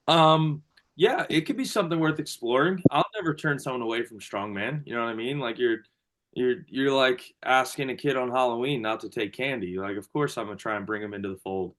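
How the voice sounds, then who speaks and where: A man's voice: medium pitch, moderate pace, fairly bright tone. Male coach, casual and chatty, lots of fillers, heard over a video call. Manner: loose and chatty, many fillers and restarts. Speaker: strength coach.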